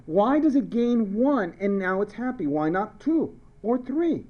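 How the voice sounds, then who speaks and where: A male chemistry teacher at a high school delivers a jokey lecture, playfully telling stories and repeating his questions. His high voice is sing-song and a little slow. It's a muffled recording.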